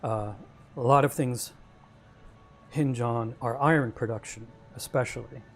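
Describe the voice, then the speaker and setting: A relaxed man talking through a game livestream, easygoing and a bit rambling. His pitch sits at an ordinary middle level, and faint music plays behind him. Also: a little slow. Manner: easygoing, rambling, chuckles to himself. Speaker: game streamer. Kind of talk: casual livestream chat while gaming.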